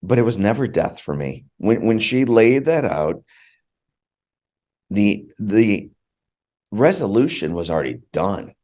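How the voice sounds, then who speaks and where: A man's voice: fairly low pitch, sing-song, a little slow, long pauses, darkish tone. A man, a podcast guest, telling a personal story in conversation, earnest and heartfelt, often repeating words for emphasis.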